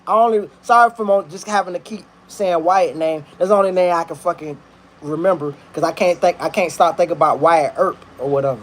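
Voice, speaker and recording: A man's voice: a little high, fairly quick, a little hiss or hum. A man telling a story in a casual, rambling, slang-heavy commentary, swearing freely while he cooks in his kitchen. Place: kitchen, cooking while talking.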